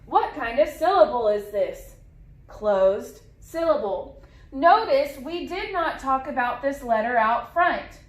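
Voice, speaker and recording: A woman teacher walks young children through short vowel sounds, stretching each sound out slowly and repeating it for them to echo. Her voice sits a little high, and it rings in an echoey room. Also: lively intonation. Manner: slow, clear, drawn-out modeling of sounds with repetition. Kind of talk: phonics lesson for young children.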